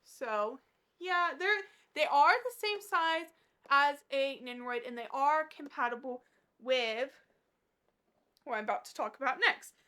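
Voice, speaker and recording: A woman's voice: high-pitched, unhurried, bright, forceful tone. A woman vlogging to camera in a casual, gushing way, with plenty of fillers as she shows off her collection. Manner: bubbly, gushing, filler-heavy.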